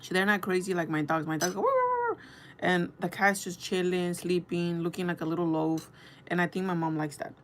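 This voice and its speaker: A woman's voice: fairly low pitch, fairly quick, a little hiss or hum. Chatty young woman livestreaming. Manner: rambling, animated storytelling with many fillers. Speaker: livestream host. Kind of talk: casual livestream chat.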